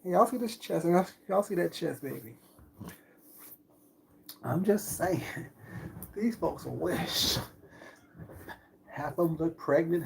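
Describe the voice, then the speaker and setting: A man's voice: fairly high pitch, vocal fry, husky. A middle-aged man in a casual live-stream chat as a food vlogger, talking in a sassy, boastful, flamboyant way.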